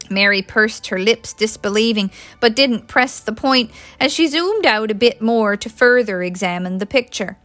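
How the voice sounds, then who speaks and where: Female audiobook reader, expressive delivery, fairly high, very dry. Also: normal speed, few pauses, dry recording. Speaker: audiobook reader, published author. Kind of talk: audiobook narration.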